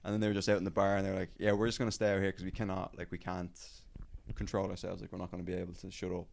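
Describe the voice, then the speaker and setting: A man's voice: low voice, monotone, very fast, gravelly. Swearing man telling a gig story. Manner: swears freely, acts out hecklers. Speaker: comedian podcast host. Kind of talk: casual chat, storytelling.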